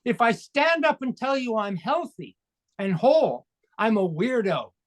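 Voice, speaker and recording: A man's voice: very high-pitched, sing-song, a little slow. Man in his sixties, from Canada, interview guest, coach, emphatic, fervent, motivational. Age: 60s. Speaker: guest, emotional coach and speaker. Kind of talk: interview conversation.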